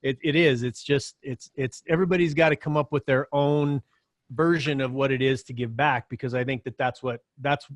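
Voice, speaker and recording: A man's voice: medium pitch, fairly even intonation, normal speed, no echo, clean studio sound. A man hosting a casual podcast chat, earnest and affirming toward his guests. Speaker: host.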